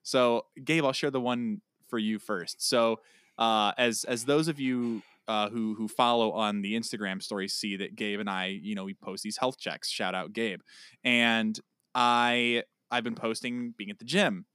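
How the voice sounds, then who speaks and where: Animated man telling stories on a podcast. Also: fairly low pitch, a little slow, clear, resonant tone, no echo. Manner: animated storyteller, gets loud when riled. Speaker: podcast co-host. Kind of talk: casual chat.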